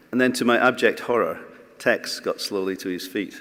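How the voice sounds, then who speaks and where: A man with a fairly low voice gives a wry graduation speech at a lectern. He tells his stories with small pauses and fillers. His words ring out through a large hall with a long echo. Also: fairly bright tone. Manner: wry, anecdotal, with halting fillers. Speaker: college speaker at a graduation. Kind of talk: ceremony speech.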